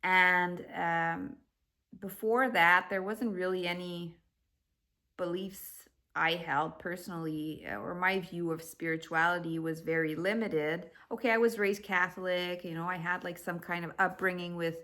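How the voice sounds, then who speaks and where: A woman speaks to her viewers in a low-pitched but bright, forward voice. She tells a personal story in a reflective, unhurried way, pausing and restarting as she goes. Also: steady tone. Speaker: spiritual vlogger.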